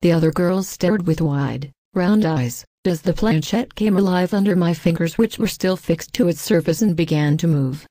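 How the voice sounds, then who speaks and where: Low, dark-voiced woman reading a ghost story. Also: moderate pace, few pauses, no echo. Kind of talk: scripted ghost story narration.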